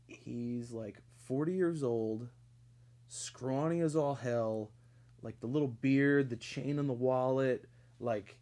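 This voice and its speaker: A man's voice: mid-range voice, a little mellow. A young man telling a long comic story in a casual, rambling way, swearing often and leaning on lots of fillers. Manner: rambling, profane, with frequent fillers. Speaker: podcast storyteller.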